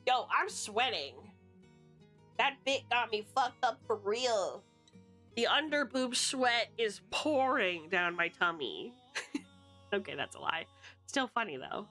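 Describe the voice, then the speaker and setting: Woman streamer, high lively voice, casual chat to viewers, strained throat. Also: slow pace, soft background music. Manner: playful, chatty, addresses chat, slips into song snippets.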